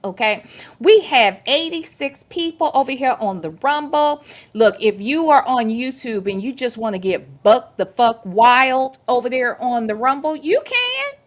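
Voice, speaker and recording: A woman hosting a casual livestream commentary, sassy and emphatic, with slangy talk and playful repetition. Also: a little high. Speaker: show host.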